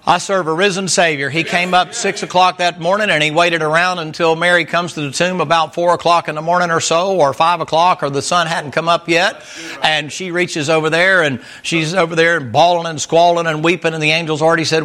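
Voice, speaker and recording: A man's voice: a little high, level tone, a little fast, bright, forceful tone. A man preaching a sermon in a folksy, emphatic way, chuckling often and repeating himself. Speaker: pastor.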